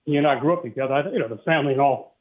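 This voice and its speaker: A caller from Saratoga Springs, New York, phones in to talk radio, his medium-pitched voice coming very fast through a tinny line. Out of breath, he rambles and piles on filler words as he grows more agitated.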